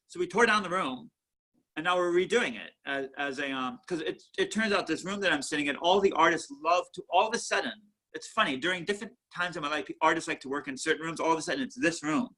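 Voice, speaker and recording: A man who founded a museum chats in an interview at home, an animated storyteller who repeats and restarts his words. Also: fairly high pitch, fast. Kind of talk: casual interview chat.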